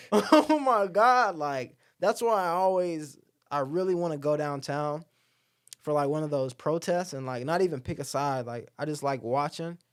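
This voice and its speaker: Clear-voiced young man. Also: on the high side, moderate pace. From Alabama. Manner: animated storyteller who acts out the people he quotes, heavy use of "like" and "bro". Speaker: podcast guest. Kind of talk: casual conversation.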